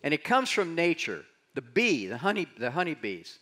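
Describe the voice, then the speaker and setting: An older man giving a conference keynote, telling stories and acting out quotes with big swings in his voice. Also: normal speed. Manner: animated storyteller, acts out quotes with big jumps in pitch. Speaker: conference speaker. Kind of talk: keynote talk on leading change. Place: conference stage in a large hall.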